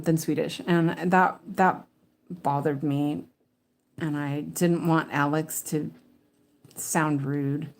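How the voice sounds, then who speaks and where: Woman stitching and chatting at home, slow unhurried delivery, rambling with fillers and restarts. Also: sits low, darkish tone. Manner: mutters to herself while checking her work. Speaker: cross-stitch vlogger. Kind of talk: casual chat while stitching.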